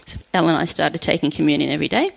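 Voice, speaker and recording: A middle-aged woman sharing an earnest personal faith testimony at church, chatty and often laughing softly. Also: sits low, very fast, creaky, rough recording.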